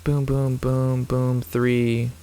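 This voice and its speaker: A man's voice: mid-range voice, completely flat delivery, extremely slow, mellow, a little hiss or hum. A man in his twenties giving casual, rambling commentary on his own card game match, swearing and laughing often. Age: 20s. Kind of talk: casual gameplay commentary mixed with an anecdote.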